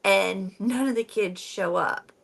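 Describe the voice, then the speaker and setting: A woman co-hosting a book club podcast, retelling a novel's opening in a relaxed chat and acting out the characters' lines. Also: medium pitch, slow pace, gravelly. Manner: relaxed storyteller, acts out the characters' quotes.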